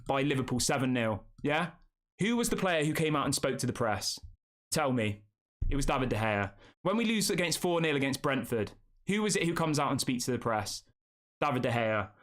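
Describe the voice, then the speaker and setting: A young man hosts a football news channel on a live stream, reacting emotionally in a fairly high, somewhat bright voice. He repeats himself a lot and talks straight to his viewers, calling them guys.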